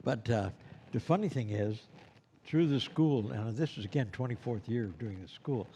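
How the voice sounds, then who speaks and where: A man's voice: medium pitch, moderate pace, warm tone, a little hiss or hum. Rambling, chatty male Santa-school instructor. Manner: rambling and conversational, with many "you know"s. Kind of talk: teaching a class. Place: classroom with students present.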